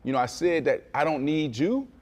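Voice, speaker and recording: A man co-hosting a casual sports talk show, animated and boastful, telling stories with lots of restarts. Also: a little high, normal speed. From Florida. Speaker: co-host.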